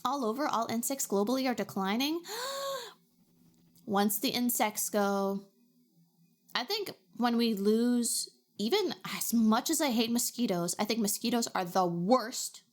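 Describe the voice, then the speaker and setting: A woman's voice: fairly high pitch, animated, measured pace. A young adult woman streamer from Canada, chatting playfully and reacting to her chat. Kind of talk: casual chat.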